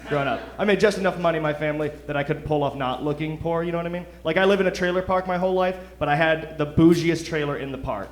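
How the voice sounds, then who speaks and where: A man's voice: fairly high pitch, fast talker, hardly any pauses. A young man from Detroit doing a loose, self-mocking stand-up set, chuckling through his lines. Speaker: stand-up comic. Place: comedy club stage. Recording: roomy club sound.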